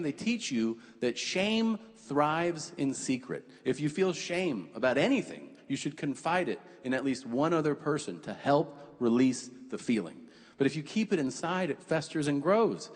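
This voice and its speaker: Male comic on a club stage, swooping animated delivery, long reverb, stand-up set. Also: fairly high pitch, normal speed. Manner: animated storytelling, acts out quoted voices, profane. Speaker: stand-up comedian. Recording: reverberant club with faint room noise.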